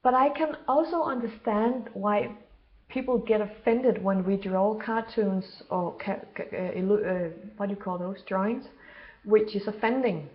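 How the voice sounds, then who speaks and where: A woman speaking in a casual monologue as a self-described healer, earnest and halting, often pausing to search for words. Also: mid-range voice. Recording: slightly dull lo-fi recording.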